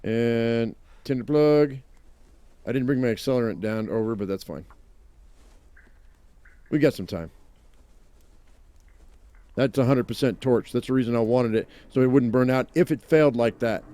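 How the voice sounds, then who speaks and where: A man talks through a survival game as he plays, muttering plans to himself and joking with viewers. His voice is mellow and warm, sitting at an ordinary pitch. He breaks into playful exclamations when things go wrong. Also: normal speed, pauses often, clean tone, no room sound. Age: adult, owns a dog. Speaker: let's play gamer. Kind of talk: casual gameplay commentary.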